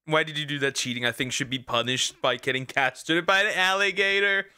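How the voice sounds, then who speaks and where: A man's voice: on the high side, brisk, sharp tone, smooth. A male streamer reacting casually to a video, blunt and profane.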